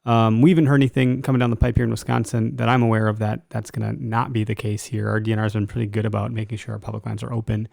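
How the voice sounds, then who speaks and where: Male host, gravelly voice, chill conversational questions, dry close sound. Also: on the low side, level tone, rapid-fire, hardly any pauses, a little mellow, no room sound. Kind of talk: casual interview. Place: Wisconsin.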